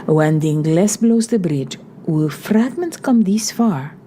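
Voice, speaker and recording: A woman voicing a nervous young gypsy man who asks and explains slowly and anxiously. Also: fairly low pitch, lively intonation, mellow, a little hiss or hum. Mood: uneasy. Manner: slow, anxious, wondering.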